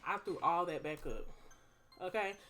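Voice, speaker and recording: A woman's voice: fairly low pitch, moderate pace, sharp tone, faint music behind. Chatty young woman telling a story. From Texas. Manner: chatty, dramatic, addresses viewers as y'all. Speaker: vlogger. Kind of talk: casual storytime.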